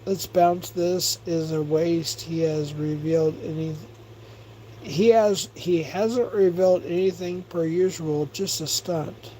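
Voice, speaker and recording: Slow-talking rambling male streamer. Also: on the high side, steady tone, warm tone, slight background noise, rough recording. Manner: rambling, profane, gossipy. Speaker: livestream host. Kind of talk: casual livestream chat, reading chat aloud.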